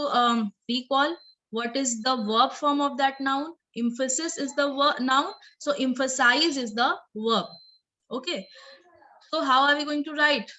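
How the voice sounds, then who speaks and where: A woman's voice: high voice, sharp tone, low-quality recording. A woman teacher explaining English grammar in a recorded lesson, repeating and rephrasing points and checking in with "okay" and "right".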